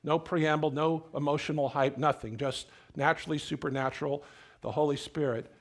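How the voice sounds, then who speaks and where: A man's voice: on the high side, fairly even intonation, moderate pace. A middle-aged male pastor preaching a sermon in a conversational, storytelling way, often repeating words as he goes.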